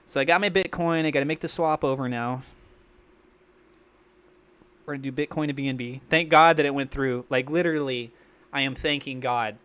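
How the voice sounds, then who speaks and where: A man hosting a crypto livestream, rambling and thinking out loud in an excitable way. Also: mid-range voice, a little fast, pauses often, clear, resonant tone. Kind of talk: live-streamed crypto commentary.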